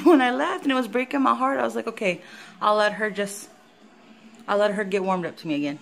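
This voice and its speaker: A woman's voice: animated, fairly quick, creaky. A young woman talking casually to her viewers in a vlog, often slipping into baby talk with her pet. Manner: chatty, swoops into high baby talk with her dog. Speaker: vlogger.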